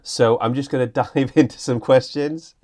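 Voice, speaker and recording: Man, podcast host, medium pitch, enthusiastic, laughs readily, casual chat. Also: fairly even intonation, normal speed, darkish tone.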